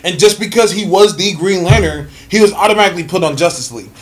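A man's voice: high voice, quick pace. A man co-hosting a casual podcast, telling stories animatedly and acting out quotes with laughs. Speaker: podcast co-host.

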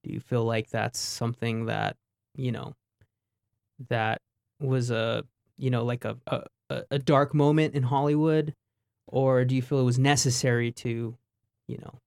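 A male radio host at a studio mic, chatting casually and joking, often stalling with ums mid-sentence. His voice is mid-pitched, and the sound is dry and close. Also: fairly even intonation, unhurried, vocal fry, darkish tone, smooth, no room sound. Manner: joking, rambling with many ums.

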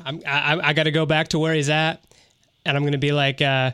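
A joking man describes his moves in a tabletop game. His voice is higher than most men's and bright, and it is recorded dry and close. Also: level tone, brisk, clean tone, dry recording. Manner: joking, self-mocking. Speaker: player. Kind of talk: casual tabletop play.

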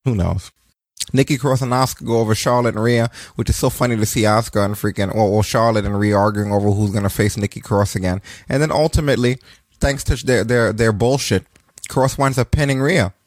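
A man with a fairly low voice runs through last night's wrestling in a loose, joking way, swearing freely. The sound is dry and close, with no room around it. He talks like a regular co-host chatting. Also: fairly even intonation, brisk, dry recording. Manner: loose, profane, joking storytelling. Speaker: podcast co-host. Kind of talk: casual wrestling recap chat.

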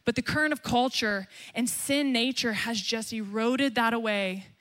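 A woman's voice: moderate pace, fairly bright tone. A young woman pastor preaching a sermon emphatically, acting out quotes as she goes. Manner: emphatic, acts out quotes with rising pitch.

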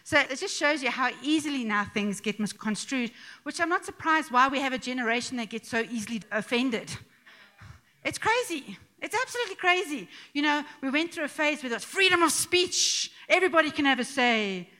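A middle-aged woman delivers a conversational sermon, mixing jokes and asides into her message. Her voice is pitched a little high and has a bright, forceful edge. She sounds animated and chatty, as if talking with friends from the pulpit. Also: fairly quick. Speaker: speaker addressing a church gathering.

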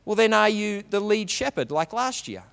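A puzzled mother keeps asking her son probing questions, as a man with a high voice plays her. Her questions echo in a long church-hall reverb. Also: big pitch swings, normal speed, creaky, a bit bright, clean tone, full character voice.

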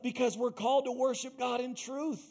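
A male pastor delivers a sermon in a notably high voice. He preaches with emphasis, driving points home through repetition and direct calls to his listeners. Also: flat delivery, moderate pace, darkish tone. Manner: emphatic, repeats phrases and calls out to the congregation.

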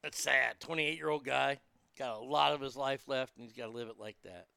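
A man's voice: mid-range voice, brisk, creaky, sharp tone, clear, resonant tone, no echo. A man riffing crude, mocking jokes in a casual comedic monologue, chuckling at his own lines.

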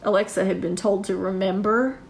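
A woman's voice: mid-range voice, fairly even intonation, moderate pace, gravelly. A woman telling long rambling stories in a casual chat among friends, swearing now and then.

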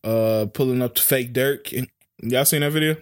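A man's voice: medium pitch, normal speed, clear, resonant tone. A man co-hosting a casual podcast chat, laid-back, trailing off and laughing often. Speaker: podcast co-host.

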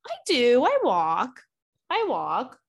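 A woman's voice: fairly high pitch, huge pitch swings, slow, husky. Chatty, rambling woman comedian host. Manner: chatty, rambling, peppered with "like" and casual swearing. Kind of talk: casual chat and reading listener letters.

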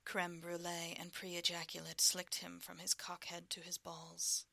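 A woman narrating a story as whispered role-play, hushed and slow. Her voice is low and gravelly with a crisp, bright edge. The recording is close and dry. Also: monotone, dry recording.

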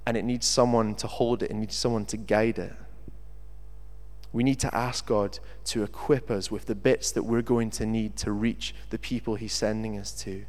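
A man's voice: fairly low pitch, normal speed. A man preaching a sermon and telling a story from his own life, acting out what people say. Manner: animated storyteller who acts out quotes. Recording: long reverb of a large hall.

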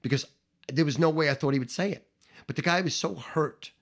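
A middle-aged man telling a profane comic story, animated and swearing, acting out the shouting voices in it. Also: fairly high pitch, a little fast. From Staten Island, New York.

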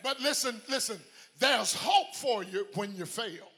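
A man preaching a sermon in a sing-song whooping style, shouting his climaxes and calling out to the congregation. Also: high voice, expressive, a little slow, soft background music. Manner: calls out to the congregation.

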